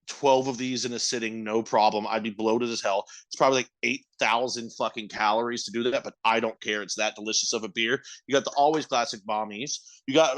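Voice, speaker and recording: A man co-hosting a podcast in casual chat, loud and swearing freely as he hypes things up. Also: medium pitch. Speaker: podcast co-host.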